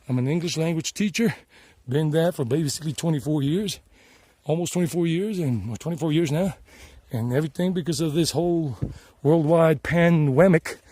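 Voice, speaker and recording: Recorded dry on a handheld phone outdoors, a middle-aged Southern man from South Carolina gives a chatty hiking vlog, his voice a little high and dark. The travel vlogger and English teacher meanders, repeats himself, and sweats from the climb as he rambles along the mountain trail.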